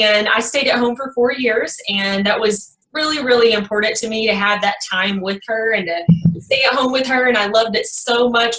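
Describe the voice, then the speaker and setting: A woman's voice: fairly high pitch, a bit bright, echoey room, far from the mic, poor audio. A woman in her thirties from Texas with a Texas twang, chatting as a guest in a casual interview with a folksy manner and plenty of fillers.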